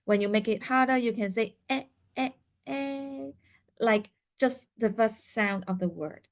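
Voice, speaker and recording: A woman teaches a seminar for parents, explaining step by step with many fillers and acting out what parents and children might say. She speaks at normal speed in a medium-pitched voice.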